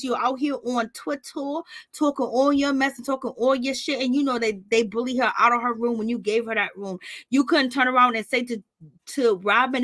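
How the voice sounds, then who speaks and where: A woman's voice: a little high, moderate pace, sharp tone. A woman giving blunt, sassy commentary on a reality TV show, talking trash in a casual gossip style. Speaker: YouTube commentator.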